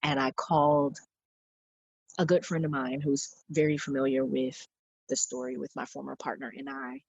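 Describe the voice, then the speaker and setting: A woman's voice: very deep voice, flat delivery, normal speed, gravelly, husky, no echo, muffled recording. A woman in her forties, a podcast guest, earnestly recounting personal experiences and quoting the people she spoke with. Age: 40s. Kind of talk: personal storytelling in an interview.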